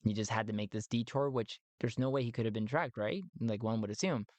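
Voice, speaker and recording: A man's voice: lowish voice, a little fast, a little mellow, dry recording. A man narrating a solo tabletop game in a playful, rambling way, with many fillers.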